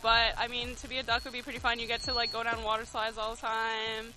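A woman's voice: a little high, monotone, quick pace, over music, poor audio. A woman in casual chat, joking and rambling playfully with lots of fillers. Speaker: interviewee.

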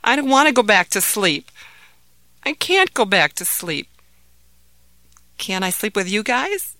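A woman's voice: animated, measured pace, fairly bright tone, no echo. A woman voicing a frightened young boy who has just woken from a nightmare, speaking timidly and pleadingly. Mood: anxious. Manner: timid, pleading, higher child voice.

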